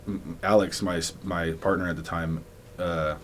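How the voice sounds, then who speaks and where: A man's voice: sits low, flat delivery, moderate pace, slight background noise. A young man, a former football player, casually recounting his career as a podcast guest, rambling with many likes and restarts and laughing often. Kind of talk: casual storytelling interview.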